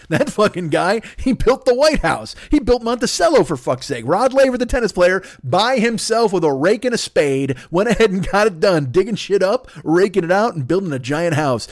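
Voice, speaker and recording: A podcast host in his forties launches into a profane, rambling comedic monologue, ranting with exasperation. His voice is high-pitched, and the recording is dry and studio quality.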